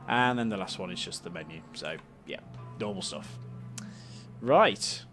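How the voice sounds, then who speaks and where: Male let's-play host, casual and jokey, animated pitch, soft music underneath. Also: a little slow. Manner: chatty, joking asides, reads game text aloud. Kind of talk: casual game commentary and narration.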